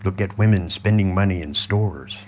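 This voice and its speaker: A man leading a live audience through a mental exercise, mixing blunt swearing with calm repeated cues. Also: low voice, normal speed, a little hiss or hum. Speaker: seminar trainer.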